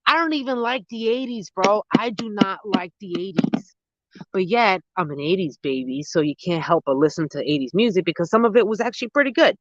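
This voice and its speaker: A gardening host in their thirties rambles through a casual live stream, excitable and full of slang. The voice sits close and dry against the mic. The phone audio comes through dull and muffled. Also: mid-range voice, brisk, dry recording. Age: 30s. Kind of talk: casual live-stream chat answering viewers. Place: outdoors at dusk.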